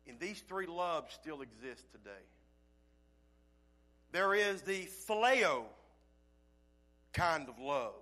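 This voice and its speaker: High, bright-voiced preaching man. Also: big pitch swings, slow pace, long pauses. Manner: swings from loud preaching to near-murmur. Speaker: pastor. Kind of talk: sermon.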